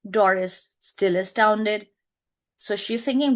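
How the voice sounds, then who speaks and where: Woman teacher, slow, repetitive, explanatory. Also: medium pitch. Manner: repetitive, searching for words, frequent "right?". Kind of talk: explaining a play to students.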